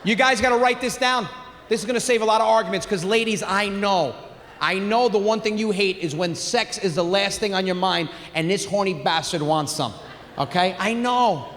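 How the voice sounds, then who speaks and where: Brash high-voiced stand-up comic man. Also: moderate pace, slight background noise. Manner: brash, crude, animated storytelling with shouted punchlines. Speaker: stand-up comedian. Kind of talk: stand-up comedy set. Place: large theater on stage. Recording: live theater recording with long reverb.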